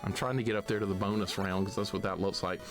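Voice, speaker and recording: A man's voice: lowish voice, steady tone, fast, music in the background. A man from Alabama giving live commentary on a retro game, swearing at it and chuckling often. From Alabama, USA. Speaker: streamer.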